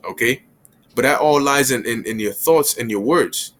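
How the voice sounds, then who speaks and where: Male Bible teacher, mid-pitched, loose street-slang delivery with acted asides. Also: a bit bright. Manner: casual street slang, acts out little scenes with quick voices.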